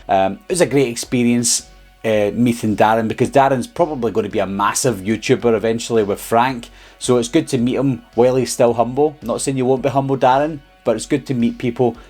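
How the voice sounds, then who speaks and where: A man's voice: medium pitch, a little mellow, husky. A man with a Scottish accent, telling a story in a casual vlog in a chatty, rambling way with lots of ums and uhs. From Scotland. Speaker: horror YouTuber.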